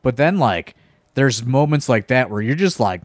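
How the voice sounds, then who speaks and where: A man's voice: mid-range voice, animated, normal speed, no echo. A man co-hosting a podcast in casual chat, rambling with many fillers and swear words. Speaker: podcast co-host, wrestling promoter.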